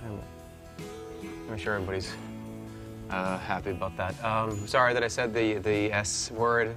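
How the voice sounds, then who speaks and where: A man's voice: fairly low pitch, fairly even intonation, brisk, sharp tone, faint music behind. A man streaming a game, rambling through jokey mock apologies to his chat. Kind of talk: casual live-stream commentary.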